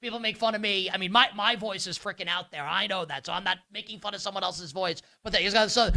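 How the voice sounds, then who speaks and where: A man with a New York accent hosts a live sports talk show, his voice bright and forward. The sound is dry and close, and he rambles along in an animated, sarcastic way. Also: high-pitched, fast, gravelly, hardly any pauses, dry recording, low-quality recording. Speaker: sports betting show host.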